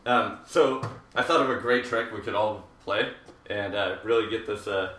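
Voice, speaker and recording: A man's voice: on the low side, steady tone, moderate pace, sharp tone, a little hiss or hum. A man in his thirties, a hairdresser hosting a live haircutting show, chatting casually and rambling with jokey asides while he works. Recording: roomy, distant live-stream audio.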